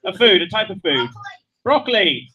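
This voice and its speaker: A man hosting a live improv comedy show, with loud, profane, animated banter. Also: high voice, normal speed, breathy edge, muffled recording.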